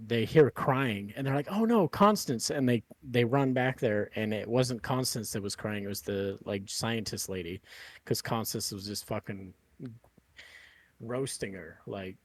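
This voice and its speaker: A man's voice: fairly low pitch, no echo. A man hosting a podcast, chatting casually in a rambling way with lots of fillers and swearing. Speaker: podcast host.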